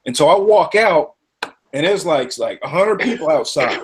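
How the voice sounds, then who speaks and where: A man telling a rowdy story in casual chat, animated and profane, acting out what others said. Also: on the high side, moderate pace.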